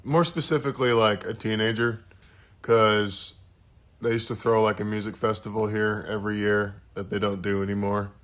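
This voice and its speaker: This young man, a podcast co-host, has a fairly low, fairly even voice with a bright tone and moderate pace. He swears a lot while telling meandering stories in relaxed chat.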